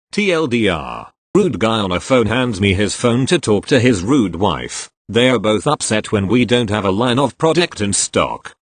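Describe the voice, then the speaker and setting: A man reading online retail stories aloud with an expressive storytelling delivery. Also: lowish voice, normal speed, hardly any pauses, dry recording. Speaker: story reader.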